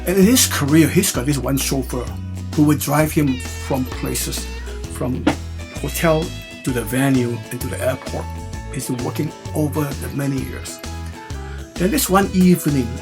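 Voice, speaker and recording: Male joke teller, gravelly tone, music bed underneath. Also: mid-range voice, moderate pace. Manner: rambling, conversational, self-correcting. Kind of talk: storytelling a joke. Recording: clear music behind the voice.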